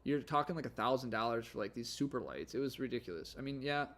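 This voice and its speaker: A man's voice: mid-range voice, animated, fast, fairly bright tone. A man with a Midwestern accent hosting a live stream, rambling in an easygoing way and saying "like" a lot. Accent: Midwestern American. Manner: rambling, easygoing, heavy use of "like". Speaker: livestream host. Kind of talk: casual live-stream chat. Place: home indoors.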